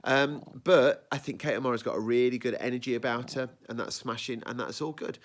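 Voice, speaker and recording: A man hosting a casual review podcast, animated and rambling, often breaking off mid-sentence. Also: medium pitch, fairly quick. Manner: animated, rambling, self-interrupting. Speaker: podcast host.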